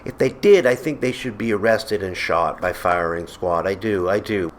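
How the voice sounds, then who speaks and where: A man's voice: sits low, normal speed, slight background noise. A man delivering a comedic, exasperated rant to camera as a vlogger, sarcastic throughout. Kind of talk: comedic ranting monologue. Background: faint background music.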